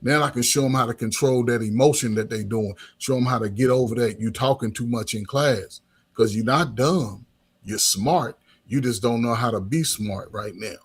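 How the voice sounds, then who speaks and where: A man's voice: medium pitch, moderate pace, husky. A middle-aged man, a coach and former teacher, talking loosely in casual conversation with lots of restarts and filler words.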